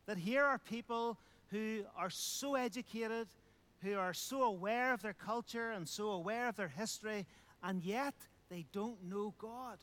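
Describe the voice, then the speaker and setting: A man's voice: sits high, measured pace, a bit bright. A man preaching a sermon, emphatic, repeating phrases and asking rhetorical questions.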